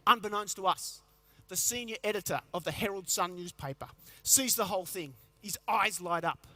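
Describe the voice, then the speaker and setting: A middle-aged man gives a comic keynote speech, telling jokes and stories and slipping into quick character voices. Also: sits high, sharp tone, no echo. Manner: storytelling with quick joke voices. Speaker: motivational speaker.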